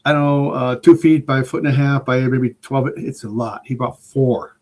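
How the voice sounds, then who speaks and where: A man's voice: mid-range voice, normal speed, darkish tone. An older man, a retired chef and prepper, chatting casually as a podcast guest in an enthusiastic, rambling way. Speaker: guest preparedness expert.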